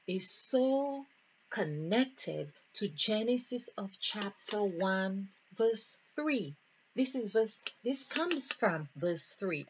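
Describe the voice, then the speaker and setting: A woman teaching a spiritual numerology lesson, thinking aloud in a deliberate, musing way as she counts out numbers. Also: medium pitch, a little hiss or hum. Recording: dull lo-fi recording.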